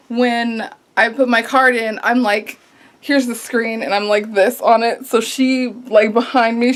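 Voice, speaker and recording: A woman vlogger telling a story in a casual, animated way, exasperated and acting out what was said. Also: on the high side. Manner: animated, exasperated retelling with quoted asides.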